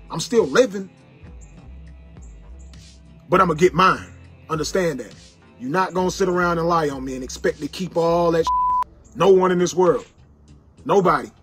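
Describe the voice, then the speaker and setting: Angry high-voiced man preaching at viewers. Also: a bit bright, breathy edge. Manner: angry, repetitive, sermon-like warnings. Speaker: internet personality ranting to viewers.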